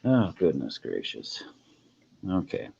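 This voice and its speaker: A man's voice: deep voice, huge pitch swings, slow, creaky. A man hosting a casual livestream chat, joking with viewers and laughing often. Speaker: host. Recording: dull lo-fi stream audio with faint noise.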